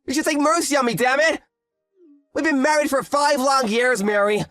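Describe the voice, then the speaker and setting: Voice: high voice, normal speed, a bit bright, clear, resonant tone, no echo, studio quality, soft background music. A voice actor playing a defensive, pleading cheating husband in his late thirties. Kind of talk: voiced story drama.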